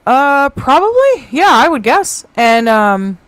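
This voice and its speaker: A woman co-hosting a live show over a home mic, chatting casually and reading out viewer comments with quick asides. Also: high voice, very animated, no room sound. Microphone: home mic on a video call.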